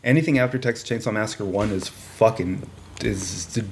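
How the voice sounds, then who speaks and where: A man's voice: lowish voice, normal speed, vocal fry, slight background noise. A man co-hosting a podcast, giving blunt, emphatic opinions in casual chat with plenty of swearing. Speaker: podcast co-host.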